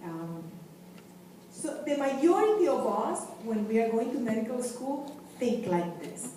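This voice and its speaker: A Venezuelan woman in her fifties, a native Spanish speaker and community health director, gives a passionate, emphatic guest lecture to students in a university hall, repeating her key phrases. Her voice is on the high side, sing-song, unhurried and mellow. The hall is very echoey, the mic distant, with faint hiss.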